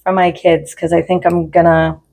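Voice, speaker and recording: A woman's voice: lowish voice, little pitch movement, normal speed, creaky, a little mellow. A middle-aged woman, a podcast guest, chatting casually and rambling a bit, laughing often and sometimes losing her thread. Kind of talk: casual chat.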